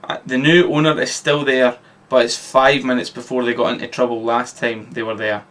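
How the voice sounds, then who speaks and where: A man from Scotland reading his own short story aloud in a deadpan, matter-of-fact way. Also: medium pitch, normal speed.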